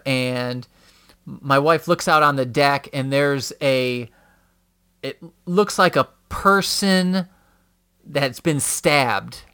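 A man telling stories in a casual podcast chat, rambling with many fillers and acting out quotes loudly. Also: fairly high pitch, clear, resonant tone. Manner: rambling storyteller, profane, acts out quotes loudly. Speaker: podcast guest. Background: dogs nearby.

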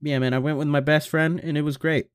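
A man's voice: a little high, level tone, quick pace, smooth, no room sound, clean studio sound. Rambling, profane young man podcasting. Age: young adult. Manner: rambling, profane, self-mocking. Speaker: podcast host. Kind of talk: casual solo podcast rambling. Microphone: home computer microphone.

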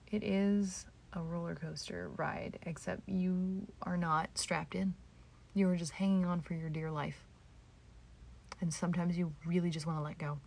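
Woman podcasting alone at home, lowish voice, blunt and self-mocking, swears a lot. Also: steady tone, a little slow, creaky, long pauses, darkish tone. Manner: candid, sweary, self-deprecating, drifting into whispers. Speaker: podcast host. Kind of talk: solo podcast monologue. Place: home, indoors.

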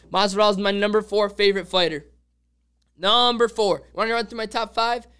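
A man hosting a podcast, talking in a casual, excitable and rambling way, constantly saying "dude". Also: high-pitched, brisk, clean tone. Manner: rambling fan talk with restarts. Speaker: podcast host.

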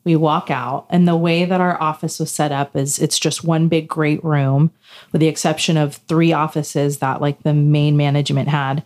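A woman's voice: low voice, a little mellow. A woman co-hosting a podcast, telling a personal story in casual chat and acting out the dialogue. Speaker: podcast co-host.

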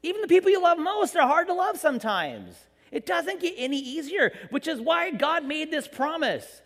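With a very high voice at normal speed, a man preaches in a church with a big-room sound. He's a pastor whose sermon is animated, jokey storytelling with acted-out quotes.

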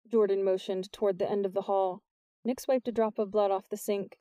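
Mellow-voiced woman narrating an audiobook. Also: fairly quick, no echo. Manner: lifts her pitch for the characters' lines.

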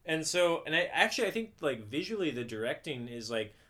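Bright-voiced man in casual chat. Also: on the high side, sing-song, a little fast. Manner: rambling, opinionated, lots of "like". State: tired after a late party. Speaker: podcast co-host.

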